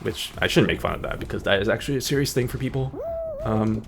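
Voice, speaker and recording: Rambling, gravelly-voiced male streamer. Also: fairly low pitch, quick pace. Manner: rambling, jumps between topics, hyper. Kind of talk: casual gaming stream chat.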